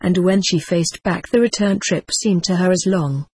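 Audiobook narrator: woman, low husky voice, measured reading, dry close sound. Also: a little mellow, no echo. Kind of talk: scripted narration.

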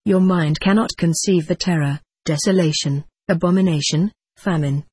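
Computer voice doing a calm alien lady explaining things, breathy, dry close sound. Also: mid-range voice, moderate pace, dry recording. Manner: flat, even synthetic delivery. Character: calm female extraterrestrial teacher. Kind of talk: text-to-speech audiobook reading.

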